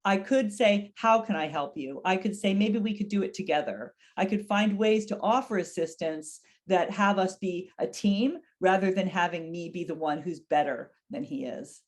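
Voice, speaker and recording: A woman's voice: medium pitch, normal speed, hardly any pauses. A middle-aged woman giving an educational webinar on dementia care, speaking earnestly and acting out example phrases in a raised voice.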